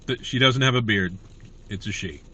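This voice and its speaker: Chatty guy doing a comedy livestream, bright forward voice, rambles and greets viewers. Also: lowish voice, moderate pace, a little hiss or hum. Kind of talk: casual livestream chat.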